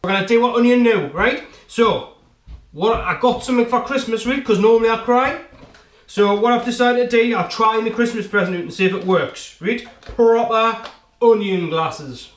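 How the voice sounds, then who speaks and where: A man with a very high-pitched voice hosts a home cooking show, speaking fairly quickly as he demonstrates chopping. He chats and jokes straight to the viewer, often tacking on "right?", and his kitchen sounds echoey with faint noise.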